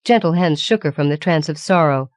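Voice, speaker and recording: A woman reading a fantasy audiobook in a measured, even storytelling manner. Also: sits low, no echo. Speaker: audiobook reader. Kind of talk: scripted narration.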